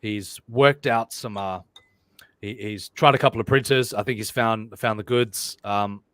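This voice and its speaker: A man co-hosting a casual livestream, reading viewer comments aloud with loud joking banter and swearing. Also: on the low side, unhurried, no echo. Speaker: livestream co-host.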